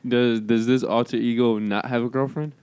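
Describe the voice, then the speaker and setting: A man's voice: mid-range voice, fairly even intonation, moderate pace, darkish tone, clean tone, no echo, highs cut off. A man co-hosting a casual podcast, cutting in with jokes. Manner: joking interjections. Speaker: podcast co-host.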